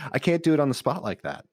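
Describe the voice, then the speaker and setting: A man's voice: on the high side, a little mellow, dry recording. A middle-aged man co-hosting a podcast in casual chat, easygoing and self-deprecating, with frequent restarts. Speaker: podcast co-host.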